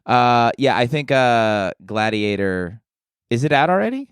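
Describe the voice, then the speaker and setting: A man's voice: mid-range voice, lively intonation, unhurried, smooth, no room sound, clean studio sound. A man co-hosting a comedy podcast, joking crudely and rambling with restarts. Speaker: podcast co-host.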